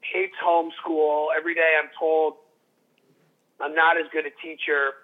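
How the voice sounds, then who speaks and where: Middle-aged man, co-host, rambling casual chat, higher voice, tinny phone-line sound. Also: level tone, moderate pace. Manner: rambling, self-interrupting, profane. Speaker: podcast co-host, father.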